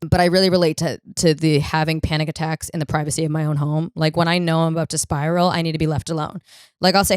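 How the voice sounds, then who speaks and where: Young woman, solo comedy podcast host, low-ish voice, dry close mic, swears freely and ribs herself. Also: level tone, quick pace, no room sound. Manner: blunt, profane, self-mocking storytelling.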